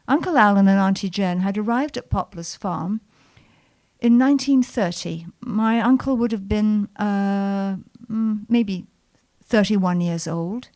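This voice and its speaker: A woman storyteller telling a personal memoir to a live audience in a lyrical, expressive way. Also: mid-range voice, normal speed. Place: showroom with audience.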